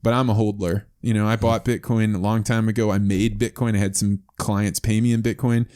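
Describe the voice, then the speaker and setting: A man hosting a podcast interview, telling stories in an animated, conversational way. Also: lowish voice, a little fast, clear, resonant tone. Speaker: podcast host.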